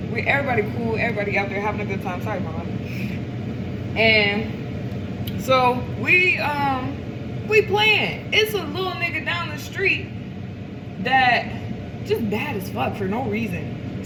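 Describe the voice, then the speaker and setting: A woman vlogger telling a story in a casual, animated, profane, streetwise way. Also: a little high, very noisy.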